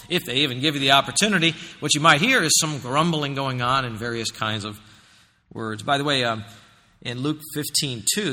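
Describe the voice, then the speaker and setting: Bright-voiced preacher in a reverberant hall. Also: male voice, fairly high pitch. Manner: conversational, emphatic, uses rhetorical questions. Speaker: pastor. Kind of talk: expository sermon.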